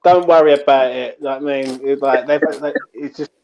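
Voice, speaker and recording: A man's voice: medium pitch, steady tone, moderate pace, darkish tone. A man bantering and joking on a casual stream. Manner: joking, slangy. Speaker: guest panelist. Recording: muffled lo-fi mic.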